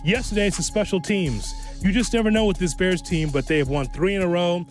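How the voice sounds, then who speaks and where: A man's voice: high voice, fairly quick, faint music behind. A man co-hosting a morning sports radio show, opening the hour in an upbeat sing-song delivery. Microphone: studio microphone.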